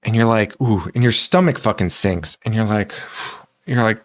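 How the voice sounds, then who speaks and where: A man co-hosting a casual horror movie podcast, animated, laughing often and swearing freely. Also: on the low side, moderate pace. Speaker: podcast co-host.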